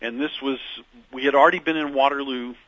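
A man with a bright, forceful voice tells stories as a musician guest, meandering through fillers and restarts. The voice is dry and close, with a slightly dull lo-fi radio sound. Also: medium pitch, steady tone, a little fast, no room sound. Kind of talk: reflective radio interview storytelling.

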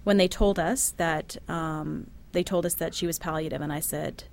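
A middle-aged woman sits for an interview and tells her story in a soft, halting voice. Her pitch sits on the low side, and she often breaks off and starts a sentence again. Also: fairly even intonation, gravelly. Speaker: interview guest, bereaved mother. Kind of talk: personal testimony.

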